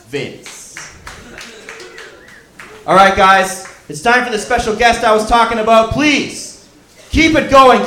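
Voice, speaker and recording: A male stand-up comic delivering wry punchlines before he introduces the next act. His voice is very high. It echoes through a roomy club room. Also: fairly bright tone. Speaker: comedian introducing a guest. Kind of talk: stand-up comedy. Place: comedy lounge stage, live.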